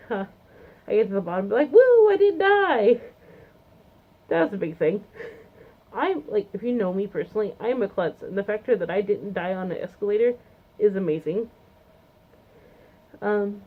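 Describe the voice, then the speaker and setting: Giggly rambling woman, lo-fi phone-like sound. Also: medium pitch. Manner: bubbly, giggly, gushing, rambling with many ums. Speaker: vlogger reviewing a convention. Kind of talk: casual chat to camera. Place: home, seated in a chair.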